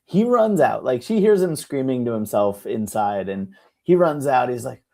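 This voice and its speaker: A young man co-hosting a casual chat show, an animated storyteller who acts out the people in his stories. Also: medium pitch, moderate pace, vocal fry. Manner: animated storyteller, mimics people with shouts and laughs. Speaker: podcast co-host.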